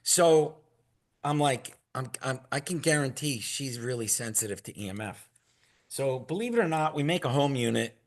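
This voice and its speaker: A man telling a long, rambling story in a casual, animated way and acting out what others said. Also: mid-range voice, normal speed. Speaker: product maker telling stories as a guest.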